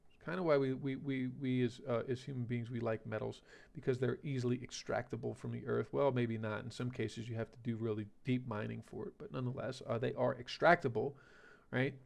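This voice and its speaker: A man's voice: mid-range voice, steady tone, a little fast, gravelly, a little mellow. A male teacher giving a vocabulary lesson, rambling and correcting himself, often checking in with "okay?" and "right?".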